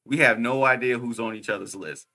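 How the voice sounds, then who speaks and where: Excitable, slangy young man with a bright voice. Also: medium pitch, a little fast, creaky. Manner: excitable, laughs a lot, slangy with frequent "bruh". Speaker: podcast co-host. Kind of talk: casual chat.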